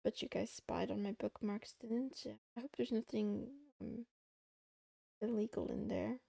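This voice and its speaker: A woman's voice: mid-range voice, fairly even intonation, unhurried, vocal fry, warm tone, no room sound. A young woman streaming from her desk, chatting playfully with her chat while she works through coding tasks. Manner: playful, talks to chat while working, giggly. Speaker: VTuber streamer. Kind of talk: casual coding livestream chat.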